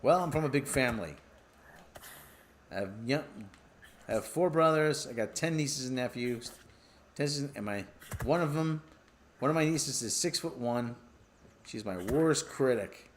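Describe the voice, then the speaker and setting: A man rambling through a stand-up comedy monologue, musing aloud, often stopping to clear his throat. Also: medium pitch, expressive, a little slow, long pauses, slight background noise.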